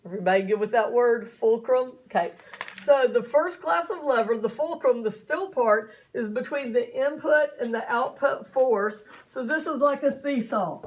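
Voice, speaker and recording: Woman science teacher, high voice, folksy and chatty in front of a class. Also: a little mellow. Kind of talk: classroom lecture.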